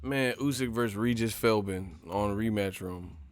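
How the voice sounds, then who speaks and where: A man hosting a live stream, giving loud, profane, slangy boxing banter full of laughs and mock impressions. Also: fairly low pitch, normal speed. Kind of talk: casual boxing commentary with comic impressions.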